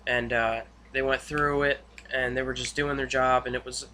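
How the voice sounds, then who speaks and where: A man giving a casual, rambling spoken recap of a TV episode, full of fillers and excited asides. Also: medium pitch, normal speed, slight background noise. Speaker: TV episode reviewer.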